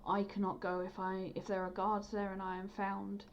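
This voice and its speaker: A woman speaking for a wary female thief in a tabletop game, slow and earnest. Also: mid-range voice, monotone, lo-fi sound, a little hiss or hum, close to an everyday voice. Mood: guarded.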